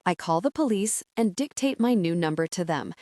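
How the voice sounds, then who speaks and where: Animated woman narrating an audiobook. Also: lowish voice, normal speed, no room sound, clean studio sound. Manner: expressive, wry, animated storytelling. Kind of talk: first-person audiobook narration.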